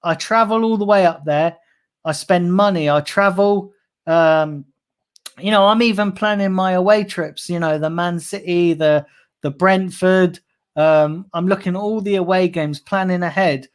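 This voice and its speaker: A man's voice: high-pitched, steady tone, a little slow, smooth. Angry, swearing man ranting. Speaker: fan channel host. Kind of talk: livestream rant reading chat.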